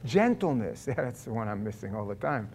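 A middle-aged man preaching a sermon as pastor, in a conversational storytelling way that swings from hushed lines to loud ones and acts out other people's voices. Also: fairly low pitch, big pitch swings, fairly quick, background noise.

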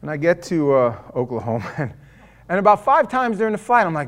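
A middle-aged male preacher with a fairly high voice tells a personal story to an audience. He is animated and self-deprecating, jumping from loud bursts to hushed confession as he acts out his own thoughts. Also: brisk. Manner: animated, swinging between loud outbursts and quiet confession.

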